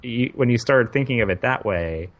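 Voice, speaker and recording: A man's voice: medium pitch, lively intonation, moderate pace, muffled recording. A man co-hosting a podcast in casual chat, thinking aloud and circling back over his own words. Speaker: podcast co-host.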